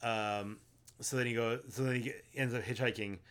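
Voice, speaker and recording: A man's voice: mid-range voice, fairly even intonation, normal speed, fairly bright tone, clean tone. A man co-hosting a casual podcast, retelling movie plots at length with many ums and likes. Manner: rambling, filler-heavy retelling. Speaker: podcast co-host. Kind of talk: casual chat about movies.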